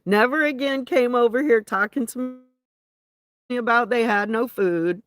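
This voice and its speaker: A woman's voice: fairly high pitch, moderate pace, fairly bright tone, no echo. A woman ranting indignantly to her viewers in a rambling, casual way, often restarting her sentences. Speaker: vlogger. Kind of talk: casual venting rant to viewers.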